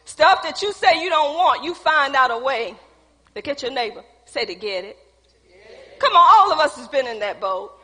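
High, bright-voiced woman preaching. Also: very animated, normal speed. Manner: calls out to the congregation, laughing, playful. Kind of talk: lively sermon. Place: church hall. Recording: reverberant church hall.

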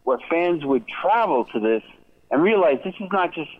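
A man's voice: on the high side, big pitch swings, normal speed. A man calling in as a guest on a podcast, speaking in an earnest, rambling way and often running into others' lines. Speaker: event organizer, guest. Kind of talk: casual podcast conversation. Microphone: phone or call audio. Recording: tinny phone line.

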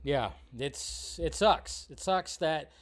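A male host of a casual live stream, talking in a somewhat high voice. He rants loosely about whatever comes up, swears freely and slips into exaggerated mocking voices. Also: animated, slow pace. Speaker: show host.

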